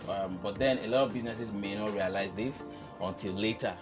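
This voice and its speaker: Male business guest, animated and emphatic, clear music bed behind. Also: lowish voice, a little fast. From Nigeria. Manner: animated, emphatic, laughs often. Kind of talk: casual chat.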